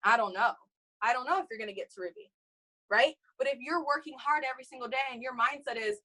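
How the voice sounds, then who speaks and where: A young woman giving an energetic motivational talk to her sales team, calling out "you guys" and "okay?" all the time. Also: a little high, quick pace, low-quality recording. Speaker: network marketing team leader.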